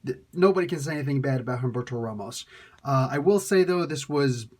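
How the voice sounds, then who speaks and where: A man's voice: medium pitch, expressive, brisk. A man reviewing comic books in a casual, rambling way, often ranting in disbelief and stumbling over repeated words. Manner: exasperated ranting with incredulous outbursts.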